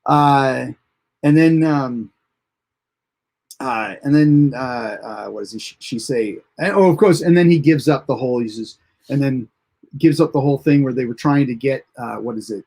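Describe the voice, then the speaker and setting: A man hosts a casual live review of a TV episode, rambling through the plot recap with plenty of fillers and restarts. His medium-pitched, slightly mellow voice moves at a moderate pace, and he chuckles at the funny moments as he recounts them.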